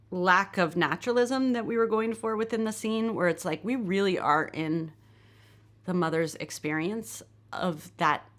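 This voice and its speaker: American woman talking about her screenplay, candid and self-deprecating, low-ish voice. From United States. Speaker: filmmaker giving a lecture. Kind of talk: lecture, reading from her screenplay.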